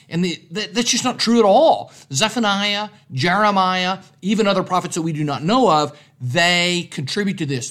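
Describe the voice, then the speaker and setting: A man's voice: high voice, a bit bright. An older man, a preacher, giving a casual devotional talk on a podcast in a folksy, earnest way, often restarting his sentences.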